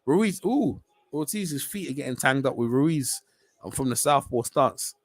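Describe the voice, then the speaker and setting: A man's voice: medium pitch, measured pace, no room sound. A man giving casual, slang-heavy live commentary on a boxing match as a stream host. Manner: slangy, chatty, rising to excited shouts on big punches.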